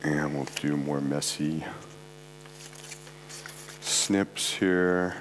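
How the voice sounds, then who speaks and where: A man's voice: extremely low pitch, steady tone, extremely slow. A congested man giving a rambling, casual conference talk with offhand asides, recorded at a live event. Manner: casual, digressive, self-deprecating asides. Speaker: conference presenter. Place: art club event space, live audience. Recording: faint mains hum.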